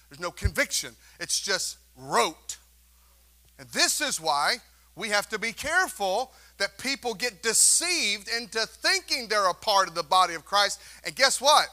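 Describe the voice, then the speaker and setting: In a church sanctuary, a male pastor preaches a sermon to his congregation, emphatic and calling for responses. His voice is high-pitched with a sharp tone.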